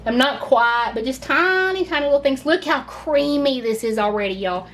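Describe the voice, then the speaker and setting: Chatty and gushing, this Southern cooking channel host guides viewers through a casual home recipe, using "y'all" constantly. Her high, expressive, fairly bright voice moves at a moderate pace over slight background noise.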